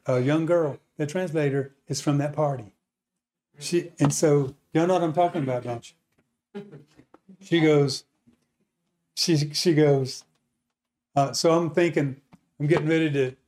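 A man preaching, telling a testimony story as an animated storyteller who asks his listeners questions. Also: on the high side, measured pace, pauses often.

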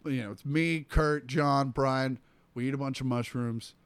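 A man's voice: mid-range voice, unhurried, clear, resonant tone, dry recording. A middle-aged male comedian telling stories in casual podcast chat, acting out the voices of the people in them. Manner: animated storyteller acting out quotes.

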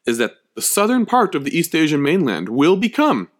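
A man's voice: fairly high pitch, huge pitch swings, a little fast. Man, history lecture, emphatic, conversational, checks in with listeners. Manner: emphatic, checks in with frequent "okay?".

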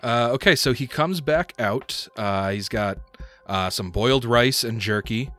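A man's voice: medium pitch, measured pace, pushed and bright, soft background music. A man narrating as game master in a tabletop game, rambling with many fillers. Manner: rambling, full of fillers and laughs.

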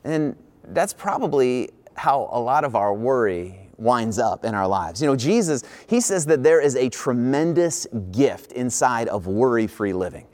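A male pastor preaching, telling a personal story in a lively, animated way before turning to scripture. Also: unhurried. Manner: animated storyteller, rises in pitch when excited. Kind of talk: sermon storytelling.

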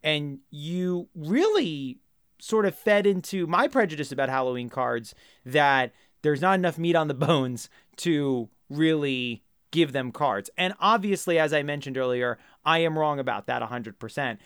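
A man co-hosting a podcast in casual comedic chat, riffing with animated, mock-outraged rants into a close mic. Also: a little high, a little slow, clean tone, no echo. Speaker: podcast co-host.

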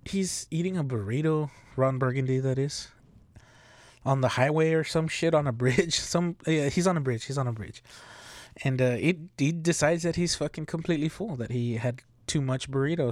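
Alone on his podcast, a man rambles through casual commentary, cursing heavily and laughing often, in a medium-pitched voice captured in a dry recording.

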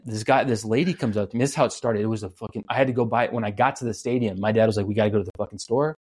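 Fast-talking young man telling stories. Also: fairly low pitch. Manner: excited storytelling, heavy swearing and slang. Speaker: podcast host. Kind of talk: casual chat.

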